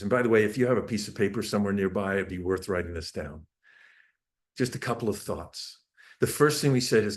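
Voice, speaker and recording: Speaking briskly in a fairly low voice, this parenting speaker shares family stories during a screen-shared talk. His delivery is earnest and full of restarts, and he performs the lines of family members as he goes.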